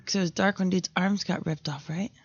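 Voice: mid-range voice, fairly even intonation, a little fast, breathy edge. Hesitant, swearing co-host in casual movie chat. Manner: hesitant, swearing, filler-heavy. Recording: dull, dry lo-fi recording.

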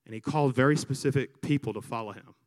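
A man from Alabama with a Southern American accent, a priest preaching a sermon and telling stories with lively crowd imitations. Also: mid-range voice, fast talker, long reverb tail. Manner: animated storyteller, imitates crowds. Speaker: priest, vocation director. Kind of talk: sermon with storytelling.

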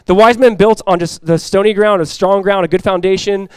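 A young adult man preaching a sermon as pastor, energetic and conversational, often restarting his phrases. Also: sits high, a little fast, clean tone, dry recording.

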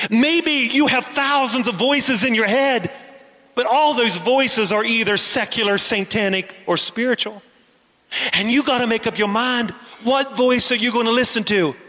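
A pastor preaches to his congregation in a high, bright voice, tossing them questions as he goes. His voice rings through a church with a long reverb tail. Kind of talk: sermon.

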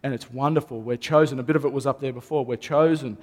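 A man's voice: mid-range voice, steady tone, quick pace, a little mellow. A man, a pastor, preaching a sermon earnestly and repeating key phrases for emphasis. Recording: long reverb of a hall.

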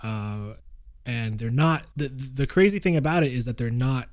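A man co-hosting a podcast in an easygoing chat. He stays relaxed, laughs often, and restarts his sentences as he goes. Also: mid-range voice, normal speed. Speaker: podcast co-host. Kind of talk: casual chat.

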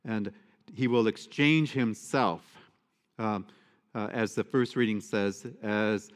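A man's voice: on the low side, takes it slowly. Man preaching a conversational homily, big church echo. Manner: conversational, with fillers and asides to the congregation. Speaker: priest. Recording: long church reverb.

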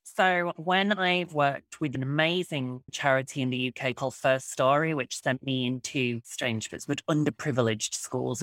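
Animated woman author, dry close sound. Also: deep voice, no room sound. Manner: animated, quick storytelling. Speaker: author guest. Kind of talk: enthusiastic interview chat.

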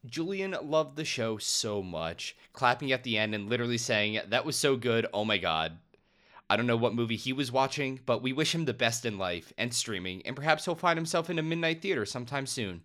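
A man co-hosting a casual comedy podcast with wry, deadpan remarks. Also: medium pitch, brisk, few pauses. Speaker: podcast co-host.

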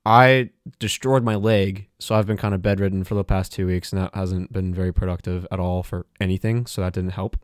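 A man's voice: sits low, fairly even intonation, a little fast, hardly any pauses, no room sound, clean studio sound. A young man co-hosting a casual movie podcast, chatting and joking in a laid-back way. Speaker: podcast co-host. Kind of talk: casual chat.

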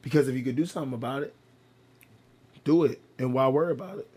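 A man with a hoarse, worn-out voice talking candidly on a casual podcast. He is open and reflective, swears freely and repeats words for emphasis. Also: medium pitch, quick pace, a little mellow. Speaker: podcast co-host.

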